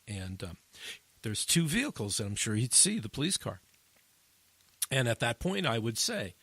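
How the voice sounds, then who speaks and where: A man hosting a casual podcast chat, telling an animated story that climbs high at the funny parts. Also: moderate pace, long pauses, breathy edge, no echo. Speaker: addiction interventionist, podcast host.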